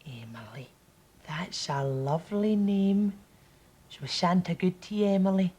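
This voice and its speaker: An actress with a Scottish accent playing a creepy woman who sweet-talks a little girl in a wheedling, drawn-out voice. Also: medium pitch, warm tone, highs cut off, lightly acted. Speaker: sketch comedy actor. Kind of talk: TV sketch comedy acting.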